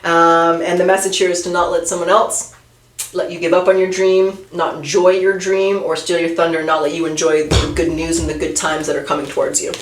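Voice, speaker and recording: A woman's voice: lowish voice, level tone, a little fast, roomy sound. A woman giving a casual tarot reading and talking straight to the viewer, often trailing off and restarting her sentences. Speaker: tarot reader.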